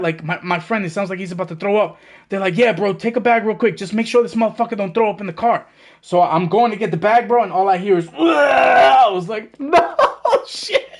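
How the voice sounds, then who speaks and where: A young man from the Bronx tells a long story to his stream. He is animated and profane and plays out every voice. His voice sits a touch higher than most men's. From the Bronx, New York. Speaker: gaming streamer.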